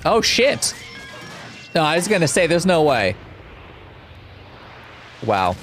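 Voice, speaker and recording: A man's voice: a little high, sing-song, slow, fairly bright tone, soft background music. A man casually commenting while playing a story game, laughing often and swearing freely. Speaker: game streamer. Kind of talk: casual let's-play commentary.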